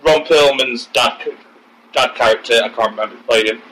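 A man's voice: medium pitch, fairly quick, fairly bright tone, a little hiss or hum, low-quality recording. A man co-hosting a casual film podcast, blunt and opinionated, swearing freely and trailing off mid-sentence. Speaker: podcast co-host.

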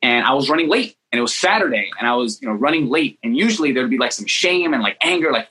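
A man in his thirties, a guest in an interview, telling a long personal story in an animated, excitable way. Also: on the high side, quick pace, breathy edge, low-quality recording.

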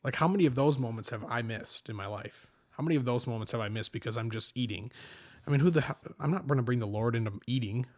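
A young man with a mid-pitched voice co-hosts a relaxed faith conversation. He tells stories animatedly, pokes fun at himself and laughs easily. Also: quick pace. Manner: animated storyteller, self-deprecating, laughs often. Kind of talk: casual faith discussion.

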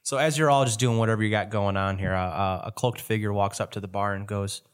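A man's voice: fairly low pitch, steady tone, fast, few pauses, clean tone. A man narrating as game master in a tabletop game, loose and joking.

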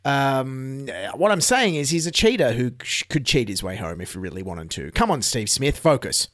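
A man with an Australian accent hosting a satirical news show, delivering sarcastic deadpan jokes. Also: mid-range voice, normal speed, dry recording, studio quality. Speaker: comedy news host.

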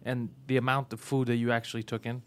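A man's voice: medium pitch, level tone, quick pace, a little hiss or hum. A man hosting a casual comedy podcast in a studio, joking and laughing often as he talks. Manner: laughs often, jokey impressions of others. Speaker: podcast host.

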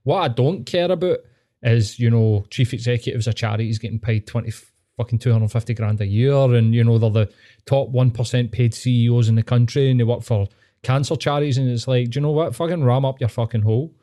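A man's voice: mid-range voice, steady tone, a little fast, mellow. A young man with a Glaswegian accent, hosting a podcast in casual chat, swearing a lot as he rants and mimics people. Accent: Scottish, Glaswegian. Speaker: podcast host.

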